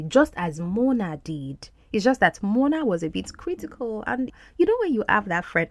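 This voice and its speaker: A woman teaching English over film clips, her pitch leaping up and down as she explains and repeats words for practice. The recording is dry and close, with no room sound. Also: dry recording. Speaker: podcast host and English teacher.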